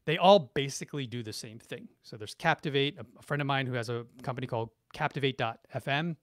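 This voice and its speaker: On a live stream, a middle-aged branding and marketing expert enthusiastically reads viewers' chat comments and answers their questions. He talks fast in a mid-range voice, effusive and often restarting his sentences, in a dry, clean studio recording.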